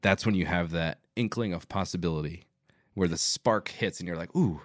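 A man as a podcast guest in casual chat, relaxed and rambling, with many fillers. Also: low-pitched, normal speed, dry recording, clean studio sound.

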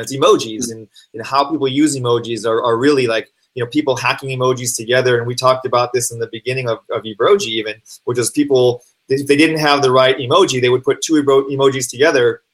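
A man's voice: mid-range voice, a bit bright, low-quality recording. Thoughtful man explaining at length. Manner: thoughtful, explaining, filler-heavy. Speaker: interview guest, works on languages. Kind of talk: explanatory conversational interview talk.

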